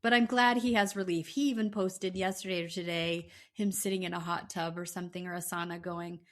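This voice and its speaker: Listen for a woman with a lowish voice who co-hosts a casual podcast. She tells a story with energy and slips into little performances of other people's lines. Her delivery is chatty and unpolished. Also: fairly quick. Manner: animated storyteller, acting out quotes. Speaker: podcast co-host. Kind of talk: casual recap chat.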